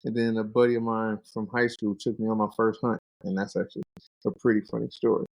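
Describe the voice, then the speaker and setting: A man in his thirties, a guest on a podcast, telling hunting stories casually and acting out his friends' lines in a higher voice. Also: fast, vocal fry, no echo, poor audio. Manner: animated, acts out quoted friends in a higher voice. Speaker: guest, pro fighter and bow hunter. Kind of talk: casual storytelling.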